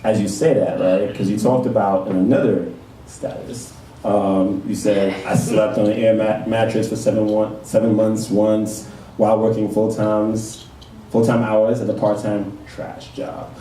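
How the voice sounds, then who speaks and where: A man's voice: on the low side, little pitch movement, unhurried, mellow. A man hosting a casual talk-show interview, reading posts aloud and laughing easily. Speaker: host, interviewer. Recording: echoey room, mic far off, faint noise.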